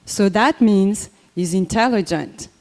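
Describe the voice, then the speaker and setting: An older woman speaks at a memorial in a warm, mellow voice, taking her time and filling gaps with ums and restarts. Her voice rings with a long reverb in a temple hall. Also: mid-range voice. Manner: unhurried, conversational, many fillers and restarts. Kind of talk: personal memorial talk.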